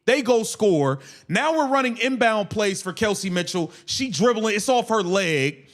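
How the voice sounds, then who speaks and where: A man's voice: sits high, expressive, a little slow, soft background music. A man hosting a live game watch-along stream, ranting angrily and swearing at the team. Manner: angry, profane, shouting rants. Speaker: livestream host.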